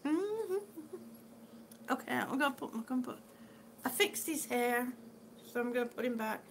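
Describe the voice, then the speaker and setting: A woman's voice: high-pitched, lively intonation, normal speed, creaky, a little hiss or hum. A woman chatting on a live stream, reading out viewer comments in an affectionate, chatty way and calling people sweetie. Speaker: vlogger reading live chat. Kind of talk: casual live-stream chat.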